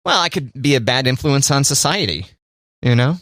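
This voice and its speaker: A man's voice: medium pitch, very animated, moderate pace, fairly bright tone, no room sound. Male podcast co-host, mid-range voice, joking and chatty, dry studio sound. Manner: playful, addresses listeners directly. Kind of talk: casual chat. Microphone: studio microphone.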